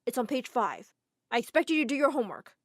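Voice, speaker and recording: An oblivious, formal male teacher in an animated drama, as a woman narrator puts him on. He talks stiffly and stays calm. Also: on the high side, quick pace, dry recording, studio quality. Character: odd, clueless male teacher.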